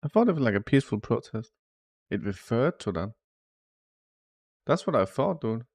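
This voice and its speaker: Male streamer, casual and profane, mid-pitched, very dry close mic. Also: sing-song, moderate pace, a little mellow, no room sound. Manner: loose, swearing, says "dude" often. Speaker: live streamer reacting to news. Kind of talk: casual chat.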